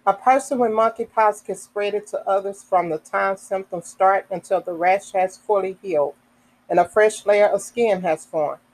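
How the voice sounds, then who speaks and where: A woman hosting a podcast, reading health information aloud slowly, with casual asides, fillers and the odd self-correction. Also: medium pitch, darkish tone, low-quality recording. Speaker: podcast host.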